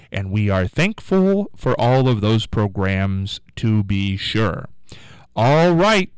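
A man's voice: mid-range voice, clean tone, no room sound, low-quality recording. A man hosting a call-in radio show, chatting in a rambling way and repeating the call-in number. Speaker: radio host. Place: radio studio.

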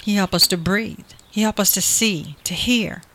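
A woman's voice: medium pitch, normal speed, fairly bright tone. A woman preaching a sermon, earnest and repetitive, building emphasis through quoted promises.

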